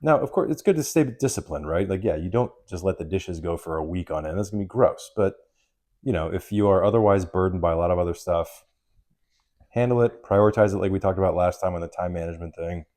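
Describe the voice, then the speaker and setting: A man in his thirties co-hosting a podcast, casual and animated, swearing freely. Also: sits low, quick pace. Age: 30s. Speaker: podcast co-host.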